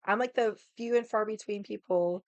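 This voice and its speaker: A young woman chats on her livestream in a lively, animated way, laughing often and swearing now and then. Her voice is smooth and clear, and the sound is dry and close, with no room around it. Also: mid-range voice, moderate pace, dry recording. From United States. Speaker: livestream host. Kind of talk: casual chat.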